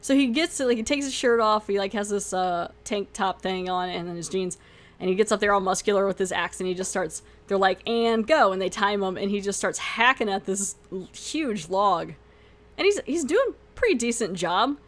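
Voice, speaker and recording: Brief: young woman podcaster, casual recap review, mid-range pitch, playful and expressive. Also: moderate pace. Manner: animated retelling, acts out the lines, laughs often. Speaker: podcast host.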